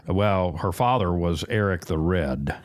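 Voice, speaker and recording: A man hosting an interview podcast, chatting in a halting, playful way with many fillers. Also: low voice, expressive, no room sound, clean studio sound. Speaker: podcast host. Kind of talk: conversational interview.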